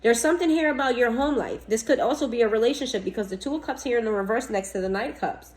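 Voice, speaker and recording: A woman's voice: fairly high pitch, fast talker, darkish tone, poor audio. A woman reading tarot to camera in a casual, blunt and chatty way. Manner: blunt, scolding, chatty, laughs often. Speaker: tarot reader.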